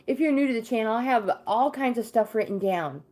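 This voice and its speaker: A woman with a slightly high, a little mellow voice, lively intonation, and a brisk pace runs a casual livestream as a tarot card reader. She greets viewers by name and chats her way through readings, easily going off on tangents.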